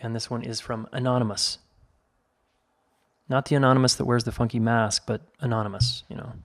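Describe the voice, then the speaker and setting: Male podcast host, mid-pitched, easygoing advice talk. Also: steady tone, fairly quick. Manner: conversational, reads listener question and comments. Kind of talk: casual solo podcast advice.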